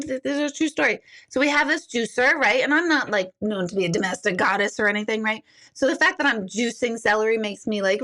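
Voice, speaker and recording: A woman's voice: fairly high pitch, a bit bright. A woman chatting casually with viewers on a live stream, telling stories, laughing and reading out their comments. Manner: chatty storytelling, laughs often, reads viewer comments aloud. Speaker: intuitive hosting a live chat.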